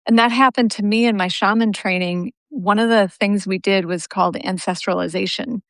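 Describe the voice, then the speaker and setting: A woman telling a personal story with animated energy, laughing easily, on a live video call. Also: mid-range voice, normal speed, no room sound. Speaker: guest yoga teacher.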